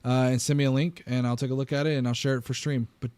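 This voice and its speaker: A man's voice: mid-range voice, little pitch movement, quick pace, darkish tone, clean tone, no echo. A man hosting a political commentary stream, arguing emphatically with frequent restarts. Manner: argumentative, emphatic, restarts and stammers. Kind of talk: casual reaction commentary.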